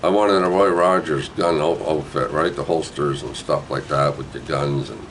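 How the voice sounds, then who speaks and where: Rambling low-voiced older New man. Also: moderate pace, a little hiss or hum, rough recording. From New Brunswick, Canada. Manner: rambling, digressive, with frequent "eh" and "right". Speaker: storyteller. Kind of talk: casual spoken memoir.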